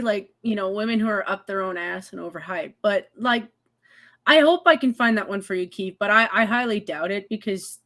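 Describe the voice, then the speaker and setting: A woman from Canada talks at an ordinary pitch as a show co-host. She sounds chatty and a bit snarky. Her speech is full of "like" and little restarts. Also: fairly bright tone. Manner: chatty, filler-heavy, snarky. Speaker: podcast co-host. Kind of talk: casual chat.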